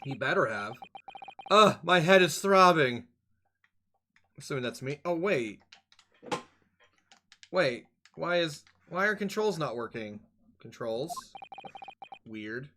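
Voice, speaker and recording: A man streaming a game, joking and swearing through excitable casual commentary. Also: on the high side, takes it slowly, long pauses, a little hiss or hum.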